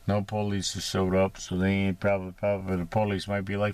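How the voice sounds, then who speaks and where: A man's voice: low-pitched, little pitch movement, a little fast, few pauses, darkish tone. A man rambling in a casual monologue from inside his parked vehicle, profane and sarcastic, with many fillers. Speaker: vlogger.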